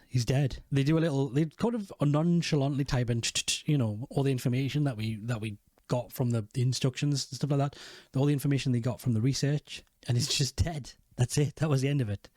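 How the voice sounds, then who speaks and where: A man's voice: mid-range voice, darkish tone, no room sound. A man talks through a show recap in a loose, rambling way, swearing freely and stopping to correct himself. His voice sits in a mid male register. It is recorded close and dry, with no room sound. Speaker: video host. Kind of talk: casual reaction commentary.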